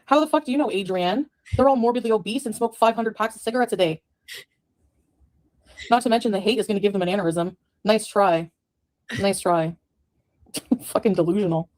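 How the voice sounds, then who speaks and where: A woman's voice: medium pitch, brisk, long pauses, a little mellow. A woman in a played clip delivering an angry, profane rant to the camera, scornful and cursing at her critics.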